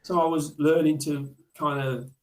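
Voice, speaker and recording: A man telling stories from his childhood as a podcast guest, reflective and halting, with many restarts. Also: on the high side, fairly even intonation, echoey room, rough recording. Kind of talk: storytelling in a podcast interview.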